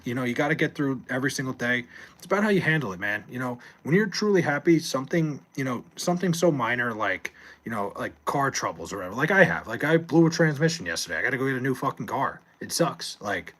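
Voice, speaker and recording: Male streamer, husky voice, casual late-night chat, profane, rambling, desk mic. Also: mid-range voice, fairly bright tone. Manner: loose, profane, rambling, reads chat aloud. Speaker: live streamer.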